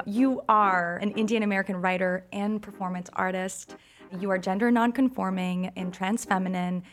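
A woman with a French Canadian accent co-hosting a podcast, chatty and playful. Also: medium pitch. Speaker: podcast co-host.

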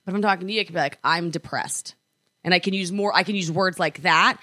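Young female podcast co-host, crisp and bright, rambling casual chat in a dry room. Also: fairly low pitch, fairly even intonation, racing, no room sound. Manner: chatty, lots of likes and restarts. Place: apartment.

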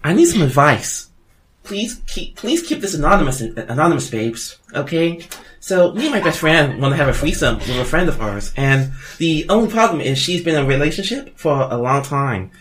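A man's voice: a little high, big pitch swings, moderate pace, a bit bright, slight background noise. Man reading listener questions, stumbling. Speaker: podcast host. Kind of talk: casual group chat.

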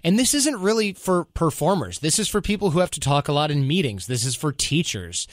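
A male podcast host talking casually, handing out advice in an animated way and acting out quotes. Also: a little high, brisk, dry recording, clean studio sound. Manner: animated, advice-giving, mock-quoting himself.

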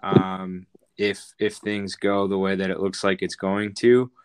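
A man co-hosting a sports podcast, talking in a halting way with many fillers. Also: deep voice, monotone, a little mellow, slight background noise. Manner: hesitant, full of fillers. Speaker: podcast co-host. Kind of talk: sports talk chat.

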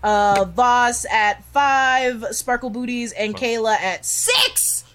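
A woman hosting a casual podcast chat, excitable and laughing often as she talks. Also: a little high, slow, background noise. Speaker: podcast host.

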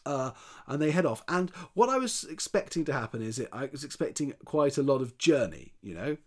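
A man talking casually on a podcast, recapping a film scene by scene. He rambles and restarts often and drops into quick voiced lines for the characters. His voice sits at an ordinary middle pitch. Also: big pitch swings. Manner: chatty, rambling, with frequent restarts and voiced quotes. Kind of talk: casual chat retelling a film plot.

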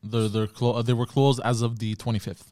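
A man chiming in on a podcast with low-key, hesitant replies in casual chat. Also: level tone, normal speed, mellow, no room sound, clean studio sound.

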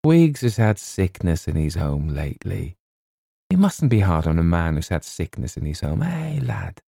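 A man voicing a gruff middle-aged Scottish literary agent with a quavering voice, blunt and then tearfully wistful. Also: lowish voice, big pitch swings, measured pace, mellow, no room sound, clean studio sound, exaggerated voice. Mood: tearful, tender.

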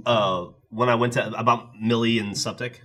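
A man's voice: medium pitch, fairly even intonation, moderate pace, a bit bright. A man hosting a casual group podcast, telling stories, quoting others and swearing freely. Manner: storytelling, quotes others in voices, swears freely. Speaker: podcast host.

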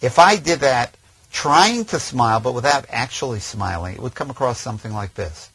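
Husky-voiced man teaching voiceover. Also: medium pitch, lively intonation, moderate pace, fairly bright tone, dry recording, low-quality recording. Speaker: voiceover trainer. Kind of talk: instructional talk.

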